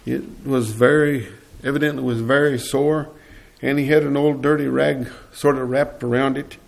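A male preacher delivering a sermon in earnest storytelling fashion, stopping now and then to clear his throat. His voice is gravelly and sits at a middle pitch. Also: fairly even intonation, moderate pace.

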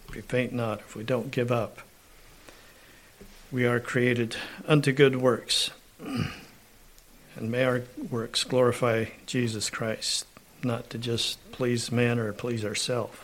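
A man preaching a sermon. He clears his throat often and reads scripture aloud with rising emphasis. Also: mid-range voice, little pitch movement, slight background noise. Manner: slow, unhurried preaching with frequent throat clearing.

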